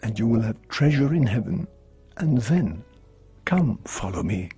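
A man reading the words of a calm male teacher giving moral counsel, in a measured, solemn way. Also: on the low side, faint music behind. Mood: gentle, earnest.

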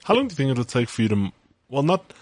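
Fast-talking South African man. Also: medium pitch, sing-song, darkish tone, dry recording. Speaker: podcast co-host. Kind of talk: casual chat.

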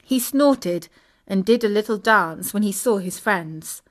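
A woman narrating a children's audiobook, clear and expressive. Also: medium pitch, unhurried. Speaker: storyteller.

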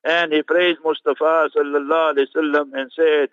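A man with a fairly high voice delivers a fervent, scornful commentary on a Friday sermon, weaving in rapid Arabic recitations. The sound is dull and muffled, like a radio broadcast, and dry with no room around it. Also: level tone, fairly bright tone, dry recording. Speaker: religious scholar commenting on a sermon.

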